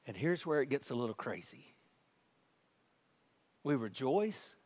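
A male pastor preaching a sermon, animated, swinging between quiet, intimate passages and loud, excited ones. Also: medium pitch, measured pace.

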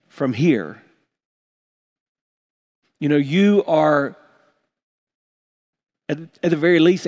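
A man's voice: on the high side, darkish tone. A man preaching a sermon to his congregation, earnest and emphatic, often repeating and restarting words. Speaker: pastor.

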